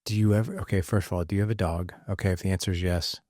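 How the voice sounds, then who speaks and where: A middle-aged male podcast host chats casually with his son, circling back and restarting his sentences as he goes. His voice sits low and even. The recording is close and dry. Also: racing, no room sound. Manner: rambling, self-correcting, laughing often.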